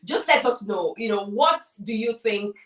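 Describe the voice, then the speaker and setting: A woman's voice: mid-range voice, animated, moderate pace, echoey room, recorded from a distance. A woman lecturer co-hosting a relationship talk, speaking emphatically, repeating key words and speaking directly to viewers. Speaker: co-host and lecturer. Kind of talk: conversational discussion.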